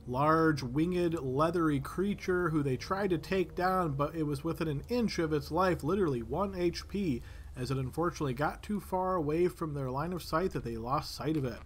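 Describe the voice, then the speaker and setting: A man narrating a tabletop role-playing game as game master, describing the scene in a measured storytelling way. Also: a little high, slight background noise.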